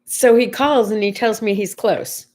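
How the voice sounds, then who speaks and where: Older woman, casual host, chatty storyteller, mid-pitched voice. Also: unhurried, darkish tone. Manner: chatty storytelling, quotes others in conversation. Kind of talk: casual livestream chat.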